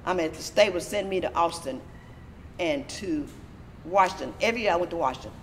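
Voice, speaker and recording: A middle-aged woman from Texas, a disability advocate, telling a story in a lively, animated way with laughter. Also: on the low side, a little fast, a little hiss or hum. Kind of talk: storytelling interview.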